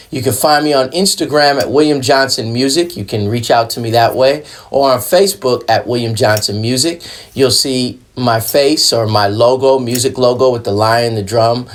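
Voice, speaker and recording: A man giving a casual hand percussion lesson, explaining plainly, counting beats aloud and checking in with the listener. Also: medium pitch. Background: hand drum playing.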